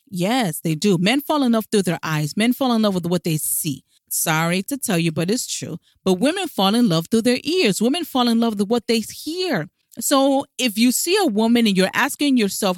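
A woman's voice: mid-range voice, expressive, normal speed, no room sound, studio quality. A woman coaching her listeners with emphatic advice, asking rhetorical questions and speaking with a smile in her voice. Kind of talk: direct-to-camera advice talk.

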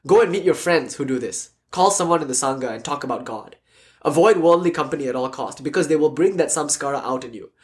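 A man speaks in a fairly high voice, teaching a spiritual lecture. He tells stories with energy and at times sinks to a hushed, soft delivery. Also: fast talker. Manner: animated, storytelling, drops to soft near-whispers.

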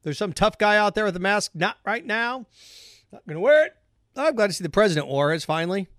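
A man with a fairly high voice hosts his own podcast as a one-man opinion rant. He talks with heavy sarcasm and drives his points home by repeating them. The sound is close and dry. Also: animated, a little fast, fairly bright tone, no echo. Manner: sarcastic, repetitive ranting. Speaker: podcast host.

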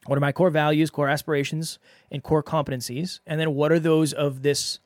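A man's voice: a little high, no echo. Earnest male podcast host, dry sound. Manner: earnest, conversational, repeats for emphasis. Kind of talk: solo podcast advice talk.

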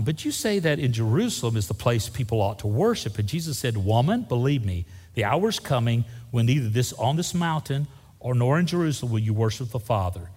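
Man, sermon, lively pitch, reverberant hall. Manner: lively preaching, acts out Bible voices, casual asides. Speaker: pastor.

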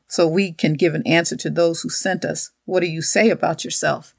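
A woman with a low, gravelly voice reads Bible verses and then retells them in her own casual words. The recording is close and dry. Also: no room sound. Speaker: co-host of a Bible study talk. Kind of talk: scripture reading and casual discussion.

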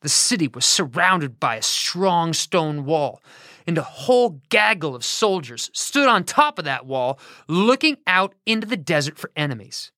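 Bright, playful woman storyteller. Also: deep voice, unhurried, no echo, studio quality. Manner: playful, expressive. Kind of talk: children's Bible story narration.

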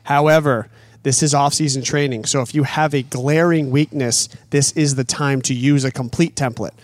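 A man's voice: mid-range voice, fairly even intonation, normal speed. A man coaching athletes on an off-season training program, explaining it plainly in casual chat and pressing hard on the value of running.

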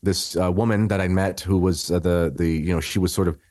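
A man's voice: deep voice, fairly even intonation, fairly quick, darkish tone, no echo. A man in his thirties from Canada, a podcast guest telling his story in a rambling, conversational way, full of restarts and fillers.

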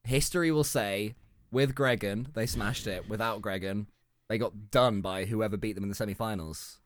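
A man's voice: lowish voice, moderate pace, a little hiss or hum. A man co-hosting a podcast, chatting in a wry, self-deprecating, teasing way. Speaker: podcast co-host, voiceover artist. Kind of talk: casual chat.

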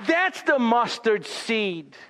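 A male pastor preaching a sermon in a church sanctuary, emphatic and deliberate, often dropping to a hushed tone. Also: extremely high pitch, sing-song. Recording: long hall reverb.

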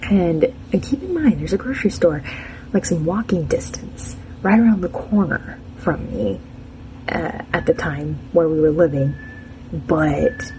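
A woman's voice: fairly low pitch, expressive, a little slow, warm tone, slight background noise, rough recording. A young adult woman telling a casual personal anecdote in a chatty, frank and self-mocking way. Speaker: storyteller.

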